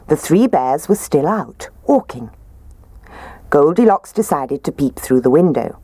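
Lady reading a kids story, low voice, goes up and down a lot. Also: animated, a little slow, dark tone, slightly rough, dry recording. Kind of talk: reading a children's story aloud.

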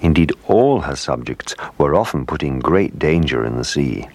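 A man narrating a children's storybook in a gentle, expressive way. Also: extremely low pitch, moderate pace, no echo.

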